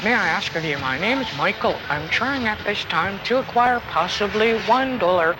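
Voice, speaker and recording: A man's voice: high-pitched, expressive, normal speed, loud music behind the voice. A man in his twenties asking strangers for money outdoors, using stiff, overly formal, polite phrasing. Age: 20s. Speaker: homeless man panhandling. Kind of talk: documentary street recording. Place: outdoors on city streets. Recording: noisy street recording.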